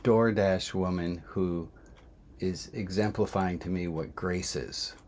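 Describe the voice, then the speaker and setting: A man's voice: sits low, steady tone, slow, a little mellow, a little hiss or hum. A man who is a rabbi, telling a candid personal story in a self-reflective way, often restarting his sentences.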